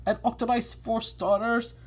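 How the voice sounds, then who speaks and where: Spiteful storybook bully, slow and mean; woman reader plays him. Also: on the high side, little pitch movement, darkish tone, slightly rough, pitched above the performer's own voice. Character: mean troublemaking male block, spiteful.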